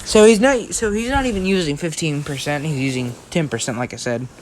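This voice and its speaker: A man's voice: fairly high pitch, brisk, a little hiss or hum. A man telling an improvised fan story in a casual, rambling way, often checking in with "right?" and changing details as he goes. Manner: changes details mid-thought.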